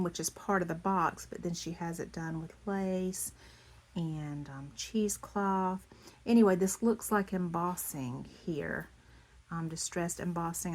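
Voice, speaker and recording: Lady craft vlogger, hoarse tired throat, kinda low voice, gushy chat with soft half whispers. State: hoarse, losing her voice. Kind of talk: casual show-and-tell chat.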